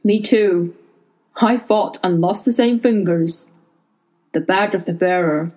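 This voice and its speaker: A woman's voice: fairly low pitch, steady tone, slow pace, a little mellow, poor audio. A woman voicing a sad, grave old man. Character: weary old man, knife bearer, gentle and sad.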